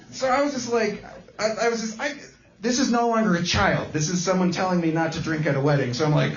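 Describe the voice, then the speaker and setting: A man's voice: sits high, fairly quick, echoey room, highs cut off. A man doing live stand-up comedy with a guitar, telling a story in rambling bursts full of restarts. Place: small comedy club.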